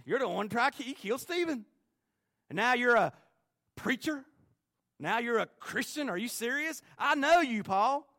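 A man's voice: very high voice, expressive, moderate pace, sharp tone, no room sound, clean studio sound, voice pushed up, full character voice. A man preaching and voicing a skeptical churchgoer who scoffs with sarcastic disbelief. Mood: scoffing. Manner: incredulous, sarcastic.

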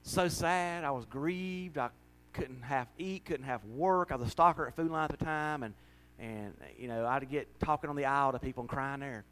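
A man's voice: a little high, expressive, brisk, poor audio. Folksy preacher, middle-aged man. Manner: folksy, emotional, with laughs and sudden loud rises. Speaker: pastor. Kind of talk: sermon.

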